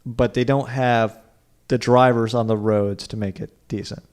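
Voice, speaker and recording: A man's voice: mid-range voice, fairly even intonation, a little slow, darkish tone. A man co-hosting a car podcast in casual chat, rambling with lots of fillers. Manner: rambling, lots of "like", puts on silly accents. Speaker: podcast co-host.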